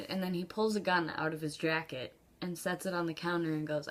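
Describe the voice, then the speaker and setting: At normal speed, with long pauses and a slightly bright tone, a woman vlogger chats casually through a personal story. Frequent laughs and ums fill her talk, and she rises in pitch to act out quoted lines.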